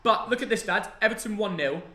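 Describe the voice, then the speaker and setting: A young man calls a football match live, excitable and loud when chances come. His voice sits high and sounds very bright. It carries the echo of a roomy space. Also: fairly quick. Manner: excitable, shouts at big chances. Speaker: streamer reacting to a football match. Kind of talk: live match reaction commentary. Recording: echoey room.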